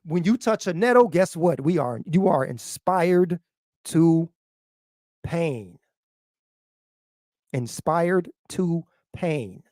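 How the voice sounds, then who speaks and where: A man teaching in a sermon style, reading passages aloud and explaining them, who keeps asking "what?" and "huh?" and repeats phrases, swinging from loud to quiet. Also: a little high, no room sound, clean studio sound.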